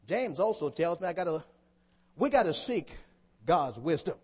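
Animated high-voiced man preaching a sermon. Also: moderate pace, breathy edge. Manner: rhetorical questions to the congregation. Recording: long hall reverb.

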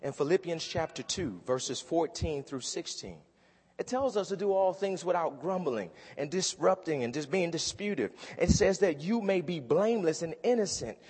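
Man, pastor, sermon, husky voice, fervent preaching, long church reverb. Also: high voice, a little mellow. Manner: preaching with rising fervor, drawn-out scripture reading.

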